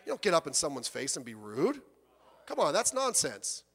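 High-voiced preaching man in a reverberant hall. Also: moderate pace, husky. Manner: animated, acts out quoted people, swings from soft to loud. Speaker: pastor. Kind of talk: sermon. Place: church.

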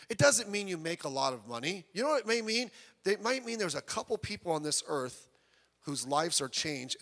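A man preaching a sermon, animated and storytelling, acting out the voices of the people he quotes. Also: high-pitched. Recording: long hall reverb.

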